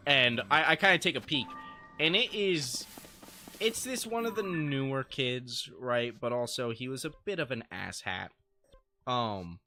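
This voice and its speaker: A man's voice: mid-range voice, bright, forceful tone. A young adult man streaming live, telling casual stories to his chat, swearing freely and laughing often.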